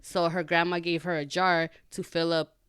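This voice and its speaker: Young woman, podcast host, casual chat, lots of "like", smooth clear voice, dry close mic. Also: fairly low pitch, normal speed, dry recording. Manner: ranting, animated storytelling with many fillers.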